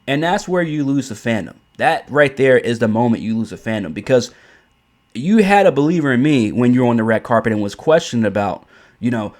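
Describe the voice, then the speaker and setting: A man delivers an opinionated commentary rant in an ordinary, mid-pitched voice. He is blunt and profane, circling back over his points and stumbling through restarts. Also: expressive, a little fast, darkish tone. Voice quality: blunt, profane, repeats himself. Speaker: commentary host.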